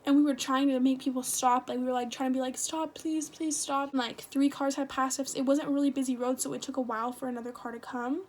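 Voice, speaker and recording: A woman's voice: high-pitched, little pitch movement, quick pace, hardly any pauses. A teenage woman telling a personal story in a rambling, casual way, full of fillers and swearing. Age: teens. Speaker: vlogger.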